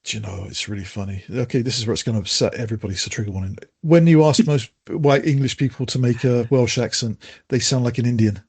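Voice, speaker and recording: A husky older man chatting on a podcast, joking and hesitating with plenty of restarts. His voice sits at an ordinary pitch and sounds relaxed. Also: fast talker. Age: older adult. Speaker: podcast co-host. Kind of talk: casual podcast chat.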